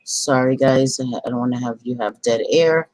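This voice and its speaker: A woman's voice: rumbling low, fairly quick, a little mellow, dry recording. A woman hosting a casual livestream, chatty and apologetic, often breaking off to apologize to her viewers. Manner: chatty, apologetic, easily interrupted. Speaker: livestream host. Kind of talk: casual live commentary.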